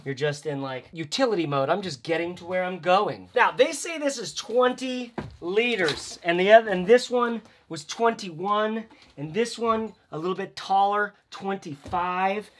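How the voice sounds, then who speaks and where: A man's voice: sits high, unhurried, a little hiss or hum. A man giving a casual vlog review of bags, chatty and rambling with playful asides. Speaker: bag reviewer.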